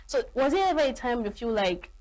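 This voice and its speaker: A woman's voice: on the high side, big pitch swings, brisk, a little mellow, low-quality recording. Woman host, easygoing, lots of mm and yeah. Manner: friendly, agreeing, many short backchannels. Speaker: interviewer. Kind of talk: interview.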